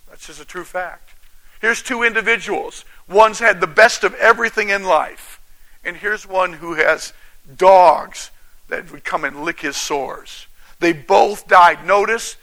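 Bright, high-voiced male preacher. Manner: calls out to the congregation with questions, reads scripture aloud with emphasis. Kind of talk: sermon.

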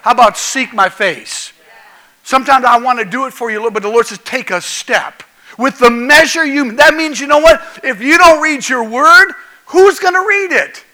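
A man's voice: very high-pitched, lively intonation, moderate pace, sharp tone, low-quality recording. A male pastor preaching a folksy, jokey sermon that keeps asking the congregation questions.

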